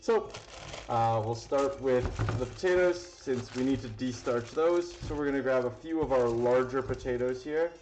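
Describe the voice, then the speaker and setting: A man's voice: mid-range voice, moderate pace, a little mellow. A man hosting a live cooking stream, talking casually and rambling, with plenty of fillers and the odd swear word. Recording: roomy, dull lo-fi sound with faint music.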